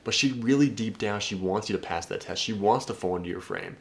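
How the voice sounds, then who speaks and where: A man with a fairly low voice walks viewers through text conversations as a dating coach. He talks emphatically, drops profanity freely, and keeps turning to the audience with questions. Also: fairly quick, gravelly. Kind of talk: casual video breakdown of text messages.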